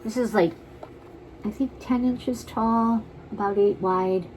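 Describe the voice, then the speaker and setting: In a room at home crowded with items, a woman shows off jewelry and quotes prices for sale in a casual live sales chat, rambling and saying "like" constantly. Her voice is medium-pitched, slow, and darkish, and the poor audio carries slight background noise.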